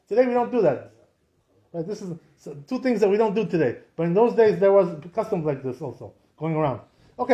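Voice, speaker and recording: A rabbi teaches a casual class on Jewish law, tossing rhetorical questions to his listeners and sprinkling in Hebrew terms. His voice is high for a man and soft, warm in tone, and he talks quickly. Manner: conversational, asks many rhetorical questions; mixes in Hebrew and Aramaic terms. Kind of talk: informal Torah class.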